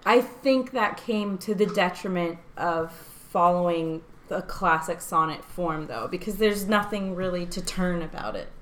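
A woman on a casual podcast, discussing feedback on her own poem in a relaxed, conversational way. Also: on the low side, measured pace, few pauses.

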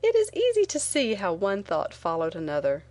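A woman reading a first-person memoir aloud in a measured, earnest way. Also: medium pitch, no room sound. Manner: measured, earnest reading with lively quoted lines. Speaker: narrator. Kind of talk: audiobook narration of a memoir.

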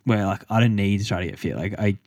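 A man's voice: on the low side, quick pace, a little mellow, no room sound. A man chatting casually as a podcast co-host, rambling with lots of fillers. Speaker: podcast co-host, elite runner. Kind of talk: casual chat.

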